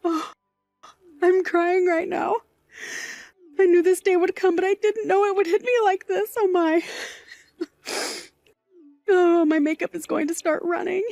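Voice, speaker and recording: Actress voicing a high-pitched, playful middle-aged aunt; warm teasing, dry studio read. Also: female voice, flat delivery, gravelly, no room sound, dull audio, heavily acted. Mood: tearful joy. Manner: playful, mock-offended, quick to tears. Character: doting middle-aged aunt, sassy bar worker. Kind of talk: audio drama acting.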